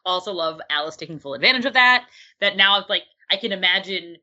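A woman chatting casually as a podcast co-host, relaxed and agreeable. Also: fairly low pitch, fast talker. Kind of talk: casual chat. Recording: slightly dull lo-fi sound.

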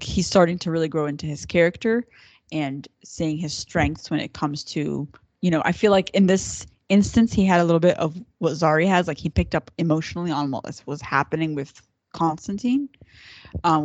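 A woman's voice: low-pitched, a little mellow, dry recording, highs cut off. Chatty woman recapping a TV episode. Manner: chatty, enthusiastic, laughs often, jumps into quoted voices. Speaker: podcast co-host. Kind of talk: casual TV recap chat.

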